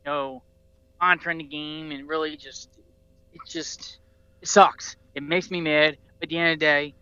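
A man's voice: fairly high pitch, fairly even intonation, normal speed, bright, forceful tone, clear, resonant tone, no echo, lo-fi sound. A man hosting a casual sports talk show, rambling passionately like a devoted fan and restarting his sentences often. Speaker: podcast host.

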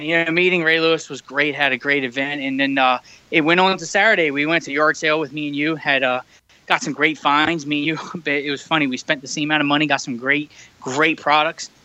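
A man's voice: on the high side, pushed and bright, dry recording, poor audio. A man, co-hosting a podcast and telling a rambling story full of fillers, recorded over a remote call. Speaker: podcast co-host. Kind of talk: casual chat. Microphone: remote call mic.

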